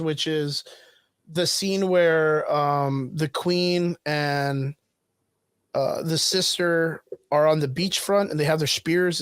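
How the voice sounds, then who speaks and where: A man co-hosting a casual livestream chat, talking in an animated way and laughing easily. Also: a little high, clear, resonant tone, no room sound, clean studio sound. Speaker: podcast co-host.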